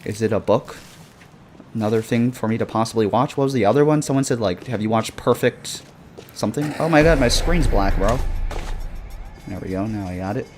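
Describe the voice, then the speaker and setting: Young dude on a game stream, kinda low voice, super casual, swears a lot, says bro constantly. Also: male voice, fairly quick, over music. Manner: loose and slangy, swears a lot, calls viewers bro. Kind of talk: casual gaming stream chat.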